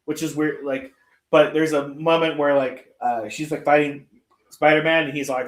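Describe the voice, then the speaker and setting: A man's voice: on the high side, steady tone, normal speed. A man chatting casually as co-host, telling stories in a rambling, profane way and acting out quotes. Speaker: podcast co-host. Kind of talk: casual chat. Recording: roomy echo.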